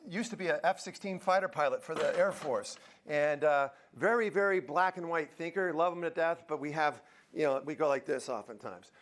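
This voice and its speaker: A man giving a live motivational talk in a university auditorium, joking and quizzing the audience. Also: a little high. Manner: lively, jokey, quizzes the crowd. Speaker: motivational speaker.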